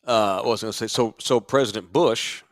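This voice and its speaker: A man's voice: medium pitch, a little fast, dry recording. A middle-aged man from Texas co-hosting a casual podcast from a sports bar studio, telling loose, rambling stories. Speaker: podcast co-host.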